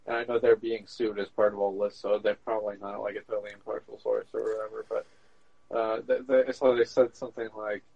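A man co-hosting a podcast, chatting casually in a measured, hedging way. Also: on the low side, little pitch movement, vocal fry, darkish tone, dry recording, lo-fi sound. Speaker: podcast co-host. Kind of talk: casual chat.

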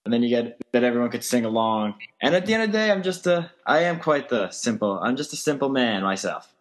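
A man's voice: medium pitch, sing-song, quick pace. A man with an ordinary mid-range voice co-hosts a casual sports podcast. He talks in an opinionated, matter-of-fact way. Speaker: podcast co-host.

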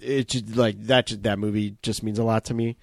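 A man's voice: lowish voice, fairly even intonation, a little fast, creaky, no room sound, clean studio sound. A man co-hosting a film podcast in casual chat, hesitant and laughing easily. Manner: hesitant, lots of fillers and restarts, laughs easily. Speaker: podcast co-host.

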